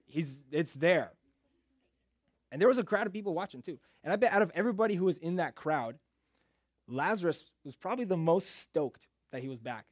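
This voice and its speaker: A man preaching a casual, joking sermon in a relaxed conversational way. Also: a little high, no room sound, studio quality.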